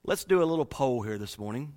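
A man's voice: medium pitch, expressive, fast, a little mellow. A man from North Carolina with a Southern accent, preaching a folksy sermon to his congregation in church. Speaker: pastor.

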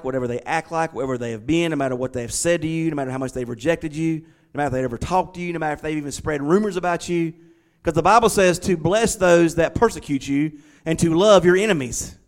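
A middle-aged man preaching a sermon, shifting from quiet, conversational storytelling to emphatic declarations. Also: fairly high pitch. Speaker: pastor.

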